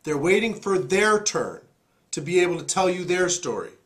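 A hoarse man, still getting his voice back, hosting an emphatic, preachy motivational talk into a studio mic. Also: high voice, sing-song, normal speed. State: hoarse, recovering voice. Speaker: host.

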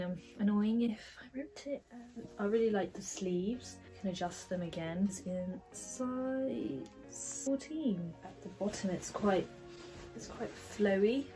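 A woman's voice: fairly low pitch, a little mellow, rough recording. A young woman chatting casually through a clothing try-on haul vlog, with lots of fillers. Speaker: fashion vlogger.

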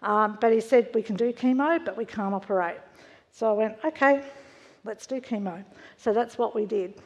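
A woman in her sixties shares a personal testimony in a frank, chatty way, dry and understated. Her voice sits a little high for a woman. Each phrase trails off into the long echo of a church hall. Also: moderate pace, lo-fi sound. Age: 60s. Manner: frank and conversational, wry understatement. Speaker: church member sharing a testimony. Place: church hall before a congregation.

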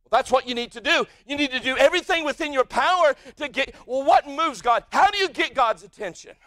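American preacher guy, really high voice, dry close sound, gets loud then drops quiet. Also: animated, brisk, no room sound. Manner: preaching with sudden shouted peaks and quiet asides. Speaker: pastor. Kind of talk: sermon. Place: church sanctuary.

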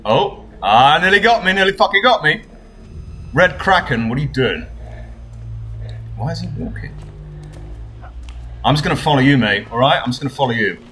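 A young man giving live gameplay commentary, his high voice swinging wildly as he swears and shouts at his teammates. The tone is bright and cutting. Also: moderate pace, pauses often, a little hiss or hum. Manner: excitable, swearing, yelling at teammates. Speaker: streamer.

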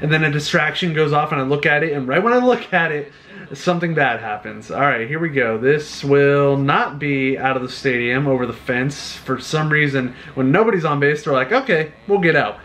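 A man giving live commentary on his own video game play, excitable and talking to himself, groaning at misses and cheering at hits. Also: on the high side, moderate pace, a little hiss or hum.

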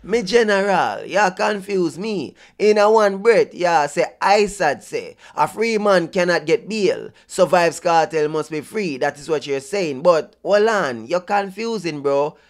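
A man's voice: high voice, expressive, measured pace, hardly any pauses. A man with a Jamaican accent, giving casual reaction commentary in an exasperated, mocking way. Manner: exasperated, mocking, patois-heavy. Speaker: vlogger reacting to clips.

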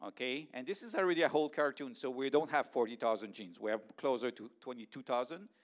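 A middle-aged man with a Canadian accent gives a conference presentation at a mid pitch. He talks in a halting way, pausing often, and checks in with his audience with a quick "okay?". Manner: halting, with frequent pauses and "okay?" check-ins. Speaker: research scientist giving a talk.

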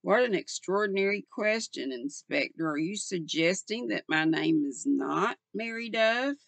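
An older woman voicing a composed young woman who is calm, guarded and faintly amused, read slowly with a gravelly edge. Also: medium pitch, dry recording.

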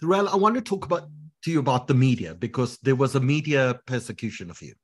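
A man's voice: medium pitch, expressive, fast talker, husky. A man hosting an online interview, putting questions to his guests by name. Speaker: interviewer host. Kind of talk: casual interview.

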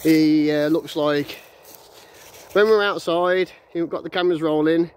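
A vlogger with a higher-pitched, clean-toned voice speaks unhurriedly, pausing often. Walking his dog through the countryside with a phone in hand, he rants bluntly and ramblingly, restarting and chuckling along the way.

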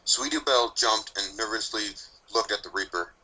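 Guy reading a fan story aloud, low voice, super bright tone, steady pace. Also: normal speed, husky, poor audio. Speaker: narrator. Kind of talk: scripted narration of fan fiction.

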